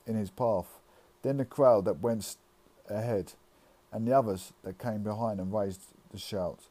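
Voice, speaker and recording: Brief: man, lowish mellow voice, reads scripture aloud, stumbles and restarts often. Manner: halting reading with frequent slips and restarts. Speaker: scripture reader.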